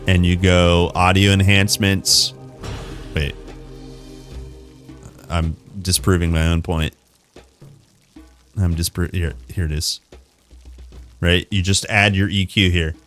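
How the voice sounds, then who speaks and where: A man's voice: low-pitched, level tone, slow, long pauses, a bit bright, faint music behind. A young man live-streaming a game, chatting loosely with viewers, often correcting himself mid-sentence and laughing at the chat. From America. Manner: rambling, self-correcting, answers chat with laughs.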